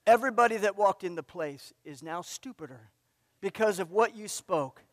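A man's voice: sits high, animated, moderate pace, no room sound, studio quality, pitched below the performer's own voice. A man voicing a harsh male talent-show judge who cuts people down with brutal insults. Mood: contemptuous.

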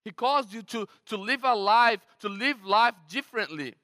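A man from Brazil with a Brazilian Portuguese accent, preaching a sermon as pastor in a conversational, animated way with frequent restarts. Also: sits high, moderate pace. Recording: long hall reverb.

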